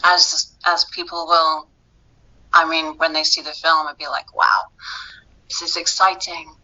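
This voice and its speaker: A woman's voice: deep voice, little pitch movement, unhurried, bright, forceful tone. A British actress chatting casually in an interview, laughing often and filling her talk with ums and restarts. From Britain. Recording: dull lo-fi sound.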